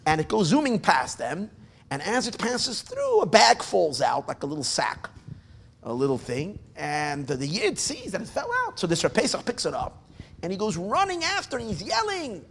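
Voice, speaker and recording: Brief: a male storyteller, lively and pitched a touch high, jumping between loud bursts and quiet asides. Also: moderate pace, gravelly, slightly rough. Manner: animated, swings between loud bursts and near-mumbled asides; frequent restarts and filler asides. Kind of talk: casual oral storytelling.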